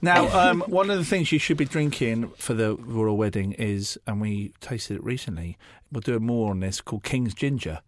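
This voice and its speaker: A man's voice: mid-range voice, animated, normal speed, hardly any pauses, dry recording. A man co-hosting a casual chat show, rambling and joking, often trailing off mid-sentence. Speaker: podcast co-host.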